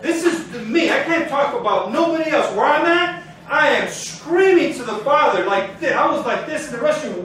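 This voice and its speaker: A man's voice: very high-pitched, lively intonation, normal speed, hardly any pauses, fairly bright tone, slight background noise. A man teaching a sermon before a congregation, fervent and building in intensity as he preaches. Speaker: Torah teacher. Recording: very echoey room, mic far off.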